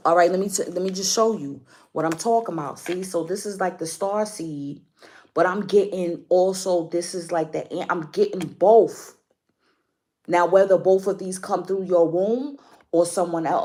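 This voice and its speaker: Emphatic woman, card reader, talks straight to viewers, repeats herself, slightly low voice. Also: darkish tone. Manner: emphatic, repeats points, addresses viewers directly. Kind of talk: casual spiritual reading to camera.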